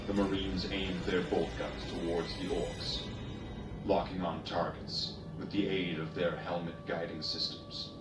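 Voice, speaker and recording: A man narrating a story in a measured, steady way. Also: sits low, over music. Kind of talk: story reading. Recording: roomy, distant, noisy ambience.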